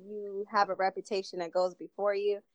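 A young woman talking casually among friends, laughing often as she tells stories with lively energy. Her voice sits in a middle range and sounds close and dry, with no room around it. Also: mid-range voice, brisk, no room sound. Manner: laughs often, animated storytelling. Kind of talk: casual group conversation.

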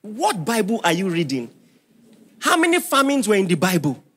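A man's voice: high-pitched, huge pitch swings, moderate pace, fairly bright tone, slightly rough. A man preaching a sermon as pastor, emphatic and firing questions at the congregation.

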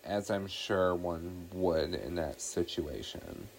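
A man's voice: low-pitched, animated, takes it slowly, gravelly, a little hiss or hum. A man hosting a podcast, recapping a film in a loose, profane, casual way with many ums and likes.

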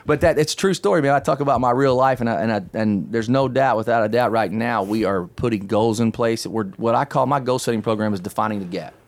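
Fast-talking middle-aged man telling a story. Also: medium pitch. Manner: animated, chatty, laughs often. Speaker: podcast host telling a story. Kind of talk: casual storytelling chat.

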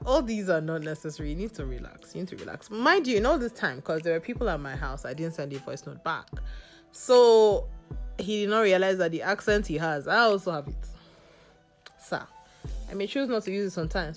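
Podcast host, woman, sassy storyteller with a lowish voice. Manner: animated, laughing, playfully sassy. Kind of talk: casual storytelling.

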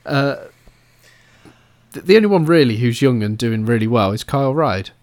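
A man co-hosting a relaxed podcast, talking in a casual, chatty way. His voice sits at an ordinary pitch for a man. He trades teasing remarks with his co-host in easy banter. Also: moderate pace. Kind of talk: casual chat.

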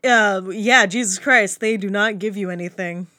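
A woman's voice: medium pitch, normal speed, bright, forceful tone, no room sound. A woman co-hosting a casual movie review chat, blunt and exasperated, swearing freely. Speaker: podcast co-host.

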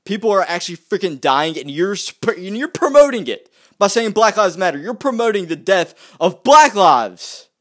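Ranting vlogger: a man with a high, swooping voice, exasperated and repetitive. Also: sing-song, normal speed, fairly bright tone. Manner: exasperated, repeats himself, stumbles and restarts. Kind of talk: heated ranting monologue.

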